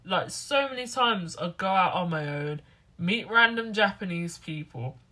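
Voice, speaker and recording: A woman, chatting to camera as a student vlogger, rambling and animated. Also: lowish voice, measured pace. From England. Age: 20s. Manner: rambling, animated, acts out other people's lines. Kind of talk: casual talking-to-camera vlog.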